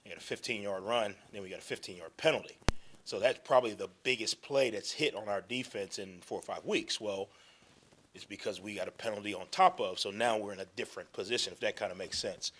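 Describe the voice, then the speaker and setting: Football coach guy at a presser, bright kinda low voice, lots of ums and throat clearing. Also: fast talker, a little hiss or hum. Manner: explanatory, many ums, repeats phrases. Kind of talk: press conference answers. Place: press conference room.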